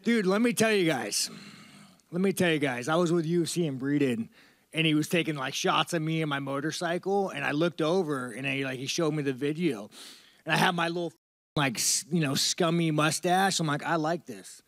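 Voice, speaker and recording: A man with a fairly high voice rambles through interview answers with loose, profane bro talk, peppering it with dude and man. The sound is close and dry, with no room around it. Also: moderate pace, fairly bright tone, no room sound. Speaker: fighter at a media interview. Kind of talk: casual media-day interview.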